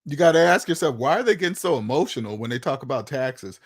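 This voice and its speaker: A man's voice: medium pitch, animated, quick pace, husky. A man hosting his own channel, talking to his viewers in a casual monologue, emphatic and repetitive, firing off rhetorical questions. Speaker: channel host.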